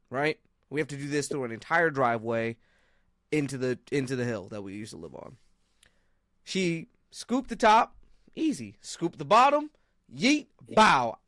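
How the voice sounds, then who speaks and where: A man's voice: fairly high pitch, fairly bright tone, dry recording, clean studio sound. A young man with a Baltimore accent, co-hosting a podcast in casual banter, blunt and teasing with frequent profanity. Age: young adult. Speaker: podcast co-host.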